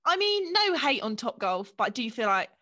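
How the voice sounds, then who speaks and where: A young woman co-hosts a loose, casual chat, teasing her friend and giggling often. Her voice sits slightly high. She drops the odd swear word without fuss. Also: very animated, moderate pace, pushed and bright. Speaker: podcast co-host.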